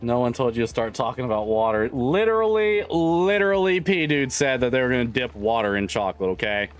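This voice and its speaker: A man's voice: medium pitch, steady tone, fast, clean tone, faint music behind. A man livestreaming, chatting casually with viewers, laughing often, swearing freely and rambling through restarts. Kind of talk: casual chat with stream viewers.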